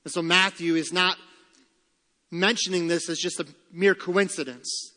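A man's voice: high-pitched, steady tone, a little slow, pushed and bright, long reverb tail. A man preaching a sermon as pastor, emphatic, repeating key lines and asking rhetorical questions.

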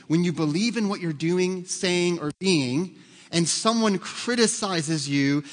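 A man in the pulpit gives a sermon in a conversational way, often asking the congregation questions. His voice sits a little high for a man. His voice carries a long reverb, as in a church sanctuary. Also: moderate pace, fairly bright tone. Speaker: pastor.

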